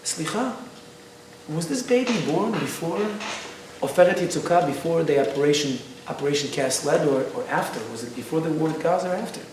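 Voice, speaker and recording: A man's voice: a little high, expressive, a little fast, darkish tone, a little hiss or hum, natural voice. A man speaking as a bereaved mother who asks questions politely and apologetically. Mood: hesitant. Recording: echoey hall, distant mic.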